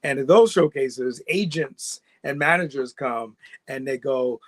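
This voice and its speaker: A middle-aged man from New York, a guest actor telling his story in a relaxed, rambling way and laughing often. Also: medium pitch, unhurried, no echo. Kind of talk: casual interview storytelling.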